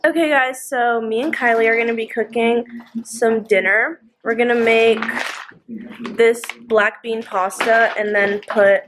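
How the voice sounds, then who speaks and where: A woman's voice: fairly high pitch, fairly even intonation, measured pace, noisy background. A young woman talking casually to camera in a home vlog, filling her talk with "like" and "um". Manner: chatty, lots of "like" and "um". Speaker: vlogger. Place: at home, bedroom.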